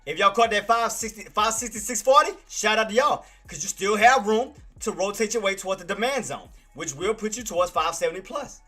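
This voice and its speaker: A man's voice: sits high, brisk, few pauses, bright, forceful tone. A man hosting a live trading stream, talking straight to his chat, repeating himself and swearing freely. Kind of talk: live market commentary.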